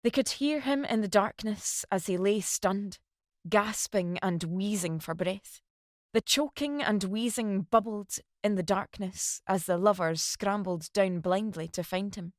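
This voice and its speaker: A woman reading a dramatic novel aloud as narrator, in steady storytelling. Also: medium pitch, measured pace, no room sound, clean studio sound. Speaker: audiobook narrator.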